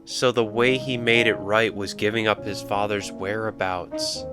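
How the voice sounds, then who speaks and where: A man's voice: on the low side, fairly even intonation, measured pace, music in the background. A young man commentating a sad game as he plays, tearful and rambling, with jokey asides. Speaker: gamer. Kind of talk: let's-play commentary.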